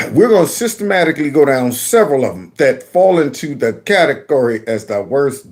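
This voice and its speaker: Animated man reacting to clips. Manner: animated and mocking, with sudden high squeals and laughs. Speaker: channel host. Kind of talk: political commentary on video clips.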